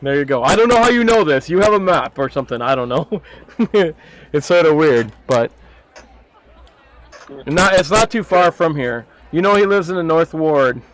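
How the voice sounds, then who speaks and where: A man's voice: fairly high pitch, animated, normal speed, no echo. A young man acting as game master, laid-back and laughing often as he runs a tabletop game.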